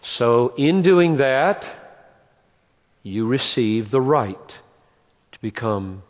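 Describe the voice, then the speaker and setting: A man's voice: mid-range voice, lively intonation, slow pace, long pauses, big-room sound. A man teaching the Bible, emphatic, repeating key phrases and posing rhetorical questions.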